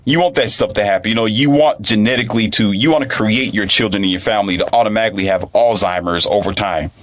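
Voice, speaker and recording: Rambling low-voiced man giving opinions. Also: quick pace. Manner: rambling, opinionated, with many fillers and restarts; acts out other people's lines in a raised voice. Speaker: mentor to schoolchildren. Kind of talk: casual spoken monologue.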